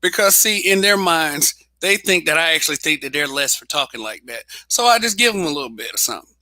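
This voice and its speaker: A man's voice: fairly high pitch, expressive, brisk, sharp tone, no room sound. A man hosting a casual livestream monologue, blunt and profane, laughing often. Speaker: show host.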